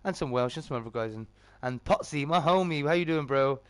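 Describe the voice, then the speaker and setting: A man hosting a live game stream, greeting viewers by name in a loud, excitable way with sudden jumps in pitch. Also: a little fast, clean tone, dry recording. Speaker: gaming streamer.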